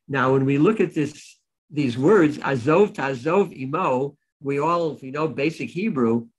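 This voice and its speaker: A man teaching a Torah class, with a voice of ordinary pitch. He reads each verse in Hebrew, then translates it and explains it step by step. He tells stories to drive his point home. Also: rough recording. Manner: tells a story to make a point. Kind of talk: Torah lesson.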